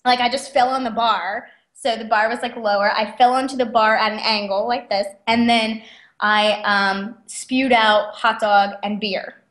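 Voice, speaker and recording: A young adult woman with a slightly high voice, chatting animatedly as a guest on an interview show. She laughs often as she talks. The room gives her voice a clear echo. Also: fairly even intonation, measured pace, a bit bright. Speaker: guest author. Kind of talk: casual interview storytelling. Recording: roomy echo.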